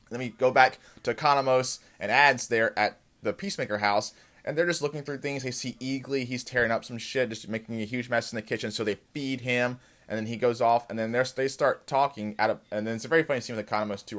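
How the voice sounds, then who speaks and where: Male host for a TV after-show review, mid pitch, casual and excited, quoting characters in scene recaps. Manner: excited storytelling recap, acts out characters' lines.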